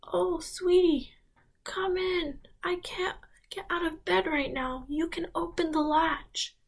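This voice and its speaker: Woman playing a weak old granny in bed, high and slow, kinda creaky. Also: fairly even intonation, full character voice. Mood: tender. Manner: slow, frail, soft. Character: sick old grandmother, frail and tender.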